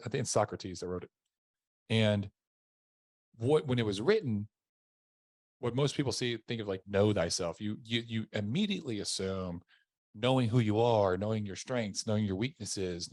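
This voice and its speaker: A man from Tennessee with a deep voice, talking as a podcast guest in a softened, lowered tone, with frequent restarts. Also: no echo, clean studio sound. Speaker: podcast guest, army veteran. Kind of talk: casual interview chat.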